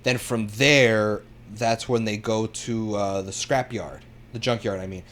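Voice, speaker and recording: A man co-hosting a podcast, calmly walking through a show's plot step by step in casual chat. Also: fairly low pitch, unhurried. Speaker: podcast co-host.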